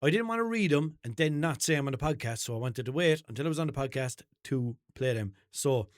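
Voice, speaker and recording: A Limerick-accented man chats loosely on his own podcast, wandering and swearing as he goes. He speaks at a middle pitch. The sound is dry and close. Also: animated, fairly quick, few pauses, no room sound. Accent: Limerick Irish. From Limerick, Ireland. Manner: rambling, sweary, jokey. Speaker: podcast host. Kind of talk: unscripted casual podcast chat.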